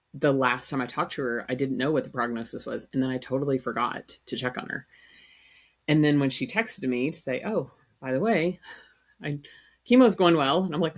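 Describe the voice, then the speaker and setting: A woman in her fifties, a grandmother co-hosting a podcast, chatting candidly and telling stories with frequent laughs. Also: extremely low pitch. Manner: candid, laughs often, storytelling. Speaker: podcast co-host. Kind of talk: casual chat.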